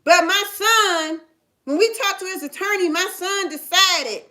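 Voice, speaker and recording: High-voiced emphatic woman telling a story. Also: unhurried, pushed and bright. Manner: emphatic, keeps asking "you understand?". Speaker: mother telling her story. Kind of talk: casual storytelling. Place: in Ohio.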